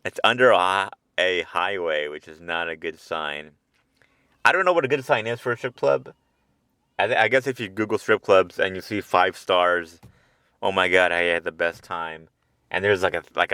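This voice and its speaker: Recorded at night in a parked car on a handheld portable recorder, this man hosts a podcast, delivering a meandering, profane comedic monologue with chuckling asides. His voice is low and sharp-toned. The audio is clean, studio-like, and free of room sound.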